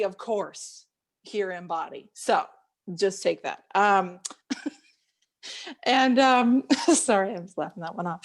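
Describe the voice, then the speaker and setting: A woman life coach leading a live group session, talking in an animated, searching way and laughing often. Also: a little high, slow, long pauses.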